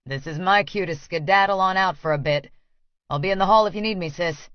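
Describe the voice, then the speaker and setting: A man's voice: high voice, fairly quick, no room sound, lightly acted. Woman doing a sarcastic, teasing big brother. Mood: wry. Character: teasing, sarcastic older brother, blunt, easygoing. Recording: dry, slightly dull studio audio.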